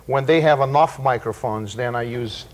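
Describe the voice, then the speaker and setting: A man with a Brazilian Portuguese accent, a native Portuguese speaker, gives a relaxed percussion class, rambling loosely and dropping in vocal sound effects. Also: mid-range voice, moderate pace. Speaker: percussion teacher. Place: room with percussion table. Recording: loud percussion noise and clicks.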